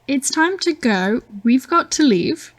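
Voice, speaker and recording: A woman's voice: sits high, sing-song, slow pace. A woman playing a tabletop game, firmly declaring her character's actions. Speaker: player.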